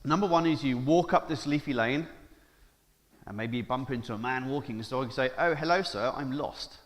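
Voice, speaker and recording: A man's voice: mid-range voice, steady tone, brisk. Playful man giving a keynote in a hall. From Jersey. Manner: playful, jokey, addresses audience with questions. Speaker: keynote speaker. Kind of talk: conference keynote talk. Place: large conference hall. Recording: hall reverb from stage mic.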